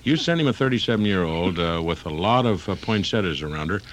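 A man's voice: low-pitched, animated, fast talker, slight background noise. An older man, a comedian, rambling and improvising on a talk radio show, slipping into bits with lots of ums. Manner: rambling, jumps into characters, frequent ums. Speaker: comedian guest.

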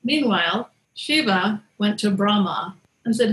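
A woman's voice: mid-range voice, a little slow, low-quality recording. A woman host telling a myth in a casual, wry and playful way, like chatting with friends. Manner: wry, conversational, playful retelling. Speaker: storyteller and podcast host. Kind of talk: casual mythology storytelling.

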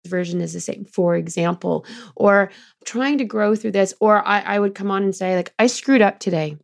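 A middle-aged woman talking as a guest in an interview, telling lively stories about leading her team and quoting people in changing voices. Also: medium pitch, normal speed, vocal fry. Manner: animated storyteller, quotes others in changing voices. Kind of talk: conversational interview.

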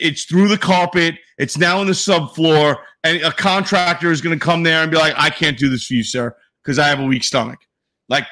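A man's voice: sits high, sharp tone. A young man co-hosting a casual sports podcast, ranting with profane, jokey exaggeration. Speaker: podcast co-host.

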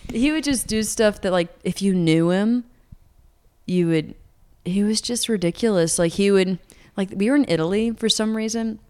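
A woman's voice: medium pitch, normal speed, a little mellow, clean tone. A woman in her twenties, a singer-songwriter from Atlanta, chatting casually in an interview, rambling with lots of fillers. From Atlanta, United States. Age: 20s.

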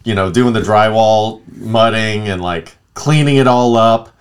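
A man's voice: on the low side, unhurried, smooth. A man in his thirties chatting casually as a podcast co-host, telling stories animatedly and acting out what others said. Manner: animated storyteller, acts out quotes. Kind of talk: casual chat.

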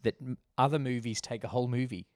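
Fast-talking, with a voice in the middle range, a man keeps up a casual chat during a movie with a friend. He makes wry, joking asides throughout his commentary.

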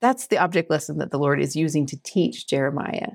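A woman in her thirties hosts a podcast, teaching scripture in a casual, earnest way, laughing often and acting out quotes. Her voice is low, creaky and fairly quick, recorded clean in a studio with no echo.

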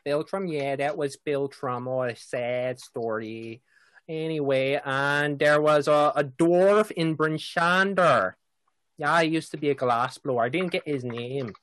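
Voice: mid-range voice, unhurried, a bit bright, dry recording, lightly acted. A game master voicing a male fisherman villager who drawls, rambles and loses his train of thought in a tabletop game. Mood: folksy.

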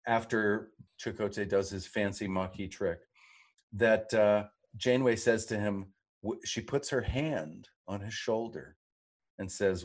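A middle-aged man co-hosting a podcast in casual chat, animated and acting out quotes as he tells stories. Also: lowish voice, unhurried. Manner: animated storyteller, acts out quotes. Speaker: podcast co-host.

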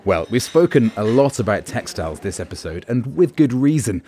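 A man's voice: mid-range voice, big pitch swings, a little fast, warm tone. A man hosting a travel podcast, chatting with enthusiasm as he tours and narrates. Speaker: podcast host. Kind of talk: touring interview and narration.

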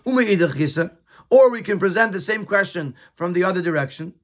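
Guy going through a text, kinda high bright voice, stumbles and repeats words. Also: animated, fairly quick. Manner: repeats words and stammers while explaining. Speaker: Torah teacher. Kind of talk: reading a Yiddish text and translating it into English.

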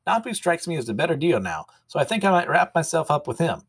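A man's voice: fairly high pitch, sing-song, fast talker, gravelly, slightly rough, no room sound, voice pushed up, heavily acted. A man voicing a whimsical, carefree otherworldly being in a chipper, breezy tone.

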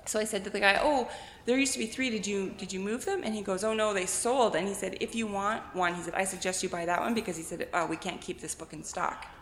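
A woman author telling animated anecdotes in a casual interview, acting out quotes and laughing often. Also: mid-range voice, fast talker, slight background noise. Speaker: guest author and blogger. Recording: echoey room with long reverb.

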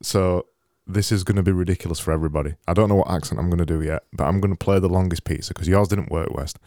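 Man, deep voice, dry close recording, casual podcast host. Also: steady tone, quick pace, mellow, no echo. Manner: chatty, teasing, repeats words. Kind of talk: casual chat.

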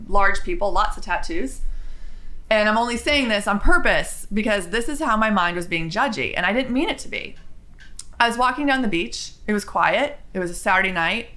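A chatty woman with a bright, forceful tone tells a casual story. Her talk is animated, with quick asides and restarts. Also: medium pitch. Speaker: spiritual vlogger.

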